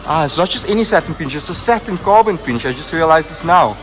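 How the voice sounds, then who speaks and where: A young man narrating a walkaround tour of a car showroom, full of excitement, repeating himself and leaning on "like" and "look at". He talks into a handheld camera mic indoors. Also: fairly high pitch, fast talker, music in the background. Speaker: car vlogger.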